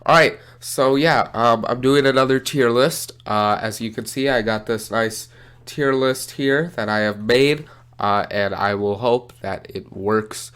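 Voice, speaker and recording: A man's voice: medium pitch, unhurried, a bit bright, clear, resonant tone. A young man, sick with a nasal voice, hosting a casual gaming video and rambling with many fillers and restarts. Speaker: gaming channel host.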